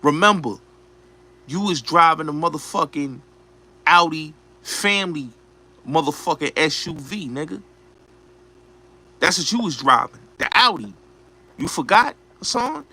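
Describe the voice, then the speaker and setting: A man with a fairly high, forceful voice rants slowly as a show host. He is blunt and profane and circles back to the same points again and again. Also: lively intonation, breathy edge. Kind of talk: ranting commentary.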